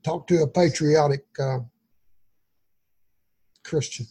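Husky folksy man teaching scripture. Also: a little high, steady tone, slow, mellow, poor audio. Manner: folksy, rambling with restarts. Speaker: pastor. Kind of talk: informal Bible study teaching.

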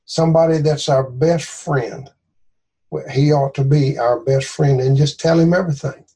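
Southern US man, husky, mellow voice, folksy and earnest devotional speaker. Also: on the high side, fairly even intonation, moderate pace. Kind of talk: informal devotional talk.

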